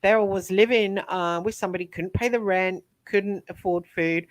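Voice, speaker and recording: A woman, an interview guest, telling her life story frankly, with many pauses and restarts. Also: mid-range voice, fairly even intonation, no room sound. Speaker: interview guest, psychic medium and author.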